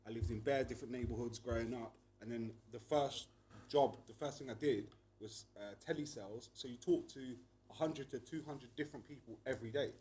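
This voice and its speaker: A man's voice: medium pitch, fairly quick, a little mellow, slight background noise. A man, a podcast guest, chatting in a rambling way full of fillers. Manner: rambling, leans on "like" and "bruv". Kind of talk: casual interview chat.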